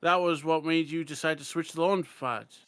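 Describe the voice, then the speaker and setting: A man's voice: on the high side, fairly even intonation, moderate pace, background noise, lightly acted. A man voicing an inquisitive young male defense attorney in a fan voice-acting read of a game script, with a dry, probing manner.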